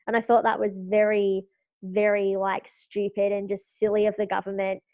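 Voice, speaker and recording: A woman's voice: medium pitch, level tone, moderate pace, a little mellow, no room sound, dull audio. A young Australian woman talking frankly as a podcast guest, with many fillers. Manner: chatty, lots of fillers, frank. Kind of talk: casual political chat.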